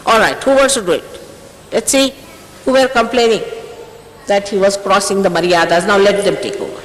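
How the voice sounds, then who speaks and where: A woman's voice: mid-range voice, a little fast, slight background noise. A woman in her sixties, a spiritual teacher, sternly scolding her followers with emphatic rhetorical questions. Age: 60s. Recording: echoey hall with long reverb, faint ambience, 1980s archive tape.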